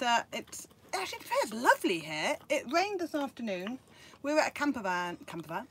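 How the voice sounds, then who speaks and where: A woman chatting excitedly to viewers on a live stream from her motorhome, recorded on her phone. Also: mid-range voice, a little hiss or hum. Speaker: vlogger. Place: motorhome in a field.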